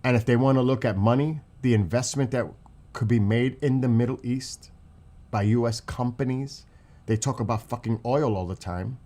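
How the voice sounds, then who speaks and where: A channel host with a mellow, medium-pitched voice speaks at normal speed while delivering an angry, profane political rant. He's upset and livid, repeating himself for emphasis and stating how upset he is.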